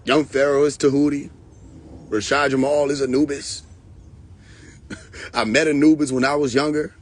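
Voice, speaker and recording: A man's voice: medium pitch, level tone, normal speed. A young man hosting a casual live stream, mocking and profane, often breaking into laughter.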